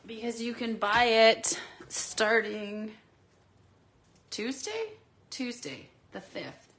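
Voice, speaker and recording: A woman's voice: on the high side, flat delivery, slow pace, a bit bright, slight background noise. A sick, congested woman chatting casually and rambling with lots of ums as she demonstrates papercraft products on a live stream from her home craft desk.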